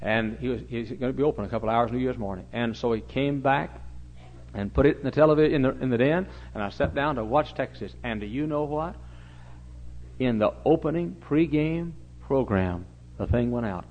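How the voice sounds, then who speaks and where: A middle-aged male pastor preaching a story-driven sermon, swinging from hushed tones to loud exclamations, on a dull lo-fi recording. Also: mid-range voice, moderate pace.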